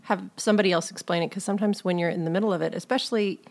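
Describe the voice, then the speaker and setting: Encouraging woman interviewer, lowish voice. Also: steady tone, racing, darkish tone. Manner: brief, encouraging replies. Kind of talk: casual interview.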